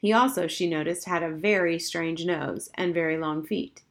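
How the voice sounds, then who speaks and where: A woman reading a children's novel aloud in an even, measured storybook narration. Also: fairly low pitch. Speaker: audiobook narrator.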